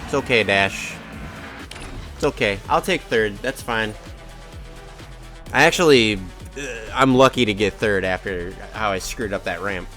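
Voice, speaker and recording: A man's voice: fairly low pitch, unhurried, pauses often, a bit bright, soft background music. A man casually commenting on his own racing game during a live stream, chatting to his cat and to himself. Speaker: gaming streamer.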